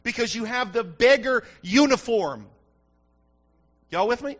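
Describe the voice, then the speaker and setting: A man's voice: very high-pitched, lively intonation, measured pace, a bit bright, muffled recording. A man preaching a sermon in church, fervent and often asking the congregation if they follow him. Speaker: pastor.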